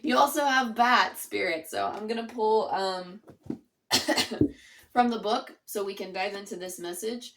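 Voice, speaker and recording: A woman's voice: mid-range voice, measured pace, fairly bright tone. A woman giving a casual spoken tarot reading to her viewers, earnest and chatty, leaning on "like" and "it's almost like". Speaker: tarot reader.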